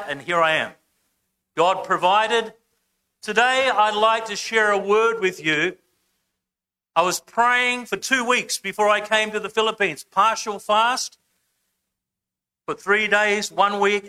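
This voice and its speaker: High, smooth male preacher, unhurried and emphatic, leading a church congregation in call-and-response. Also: sharp tone. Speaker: guest preacher. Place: church service, speaking over slides.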